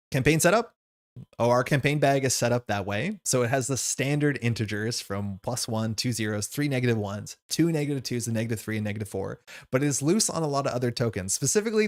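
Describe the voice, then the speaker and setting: A man hosting a board game session who reads the scenario aloud and adds chatty, upbeat commentary, thinking out loud as he plays. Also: medium pitch. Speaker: game host.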